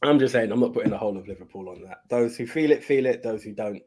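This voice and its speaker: A man's voice: on the low side, fast talker, a little mellow, slightly rough. A man co-hosting a podcast, talking earnestly and at length, often repeating and restarting his phrases. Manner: earnest, rambling, repeats himself. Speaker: podcast co-host. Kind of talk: casual podcast chat.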